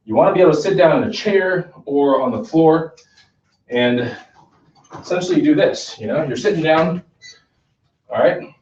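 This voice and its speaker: A man's voice: a little high, lively intonation, normal speed, pauses often, darkish tone, far from the mic. Fitness coach, male, chatty demo style, heard from across an echoey gym, dull sound. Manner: conversational, checks in with "okay?" often. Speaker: fitness instructor. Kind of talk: casual workout demonstration. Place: gym, indoors.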